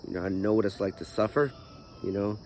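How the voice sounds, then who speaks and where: A man's voice: lowish voice, fast, a little mellow, a little hiss or hum. A man hosting his own channel, talking through his life story in a rambling way with many fillers and a groggy morning voice. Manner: rambling, full of "you know" fillers. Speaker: channel host. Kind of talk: personal vlog talk.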